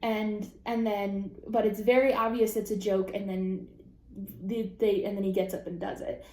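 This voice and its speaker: A young woman vlogger chats casually while reacting to online posts, animated and profane, breaking into sudden high-pitched outbursts. She talks at a normal speed, and the sound is roomy.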